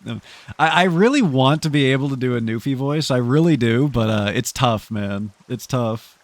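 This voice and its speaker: A man's voice: medium pitch, normal speed, no room sound. Chatty male streamer with a dry, close sound. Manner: chatty, laughs often, stammering restarts. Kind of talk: casual gameplay commentary.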